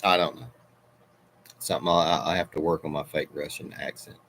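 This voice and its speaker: A man's voice: a bass voice, fairly even intonation, moderate pace, fairly bright tone, slight background noise. A middle-aged man hosting a casual livestream, rambling through viewer comments and wandering off on tangents as he talks. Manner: rambling, meandering, self-interrupting. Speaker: livestream host. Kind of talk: casual live chat reading viewer comments.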